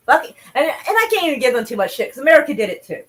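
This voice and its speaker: A woman's voice: high-pitched, low-quality recording. Blunt, profane woman streamer. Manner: profane, blunt, chatty, greets viewers. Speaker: streamer reading news. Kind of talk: casual live-stream commentary.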